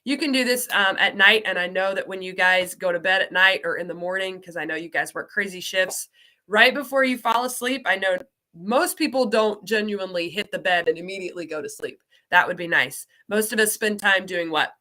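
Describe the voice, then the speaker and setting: Woman, light Southern American accent, bright clear tone, chatty exclamatory teacher, online class talk. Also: mid-range voice, brisk. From Southern United States. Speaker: ESL program coordinator.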